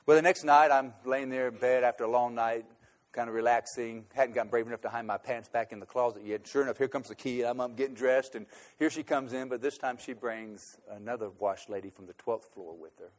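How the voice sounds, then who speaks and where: Guy spinning a yarn, gets loud then drops way down, middle-of-the-road pitch. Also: fairly quick. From United States. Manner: animated storyteller, swings between loud emphasis and quiet asides. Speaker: speaker recounting a trip abroad. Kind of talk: personal anecdote storytelling.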